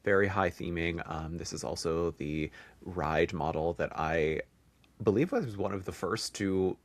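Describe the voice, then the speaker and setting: A man rambles through a casual podcast conversation, often restarting his sentences. His voice sits very low and deep. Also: measured pace, no echo. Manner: rambling, with frequent restarts and fillers. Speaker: podcast co-host.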